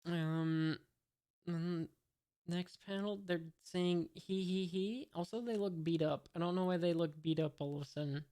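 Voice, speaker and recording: Smooth-voiced man musing over a comic. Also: high voice, measured pace, dark tone. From United States. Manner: hesitant, musing, wry asides. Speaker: manga reader, channel host. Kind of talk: reading a comic aloud with commentary.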